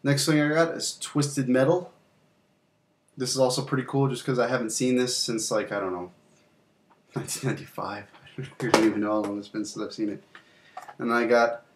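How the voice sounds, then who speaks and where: A man's voice: mid-range voice, a little hiss or hum. Young man chatting about his game collection. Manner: loose, rambling, with fillers and mild swearing. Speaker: channel host. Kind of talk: casual game collection show-and-tell.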